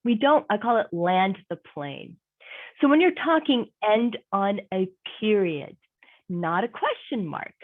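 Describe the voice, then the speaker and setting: A woman's voice: mid-range voice, lively intonation, a little slow. Woman coaching over a tinny call. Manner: conversational and emphatic, repeats key points. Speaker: career coach. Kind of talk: online workshop presentation. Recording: tinny phone-like audio.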